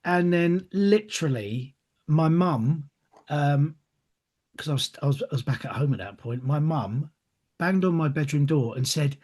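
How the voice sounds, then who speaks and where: A man's voice: on the high side, animated, unhurried, darkish tone. A middle-aged man, chatting in an interview and telling stories, acting out other people's voices as he goes. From England. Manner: chatty storyteller, acts out voices in anecdotes. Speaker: actor being interviewed. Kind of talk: casual interview answers.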